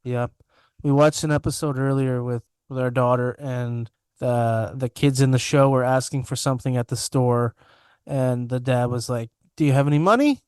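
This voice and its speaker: Speaking at normal speed in a medium-pitched, flat and slightly mellow voice, this young podcast co-host joins from his home master bedroom. He jokes sarcastically and at his own expense in a casual video-call chat, picked up cleanly and dry by a remote mic.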